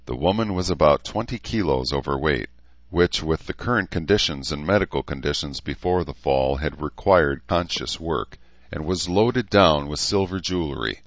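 A man narrating a novel in a measured, even storytelling manner. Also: extremely low pitch, no room sound, lo-fi sound. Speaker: audiobook narrator. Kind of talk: scripted narration.

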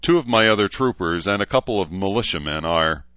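Wordy, placating cavalry officer, read by a man; low register, slightly lo-fi. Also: animated, brisk, fairly bright tone, no echo. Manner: wordy, conciliatory. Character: smooth male cavalry officer, placating and diplomatic.

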